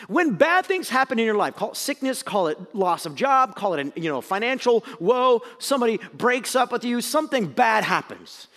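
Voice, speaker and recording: A male pastor delivers a sermon with a lively, swooping delivery, pushing hard on key points and then dropping to quiet asides. His voice sits high for a man. The sound carries a long reverb, like a church sanctuary. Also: normal speed, few pauses. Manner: animated, conversational preaching with swings between loud emphasis and quiet asides.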